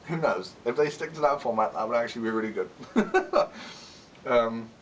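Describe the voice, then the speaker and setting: A man's voice: mid-range voice, animated, normal speed, distant mic, lo-fi sound, slight background noise. A man chatting casually in a vlog, rambling and candid, swearing often and laughing between remarks. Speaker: vlogger.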